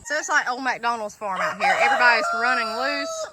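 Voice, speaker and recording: A woman with a Southern accent from Alabama vlogs from her homestead, walking outdoors through her garden and chatting to viewers with a lot of emotion in this casual tour. Her slightly high voice swoops wildly in pitch and moves fairly quickly, and the clip is very noisy, with chickens, ducks and outdoor ambience.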